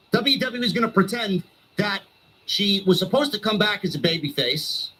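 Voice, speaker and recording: A man's voice: very high voice, bright, forceful tone, a little hiss or hum, low-quality recording. A male streamer delivering a heated, sarcastic wrestling rant full of swearing.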